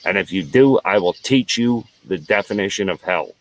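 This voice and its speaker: A man's voice: low voice, expressive, moderate pace. A man hosting his own show, delivering an angry, profane solo rant full of repeated lines. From United States. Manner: profane, heated, repetitive. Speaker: show host.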